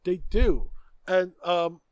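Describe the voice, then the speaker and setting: A man's voice: sits high, expressive, slow, a little mellow, clear, resonant tone, no room sound. A man co-hosting a podcast in casual political chat, blunt and profane, often stumbling over repeated words. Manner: blunt, profane, stammers on restarts. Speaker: podcast co-host.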